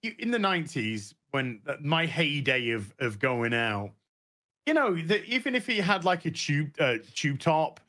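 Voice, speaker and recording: A middle-aged man who is a podcast guest, chatting casually with a halting, start-and-stop delivery. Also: on the high side, big pitch swings, pushed and bright. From United Kingdom. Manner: halting, many restarts and fillers. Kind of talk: casual chat.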